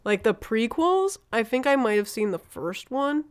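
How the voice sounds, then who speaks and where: A woman's voice: on the high side, sing-song, moderate pace, clean tone. A woman co-hosting a casual podcast, chatting loosely with lots of "like" and small restarts. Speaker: podcast co-host, cartoonist. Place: podcast studio.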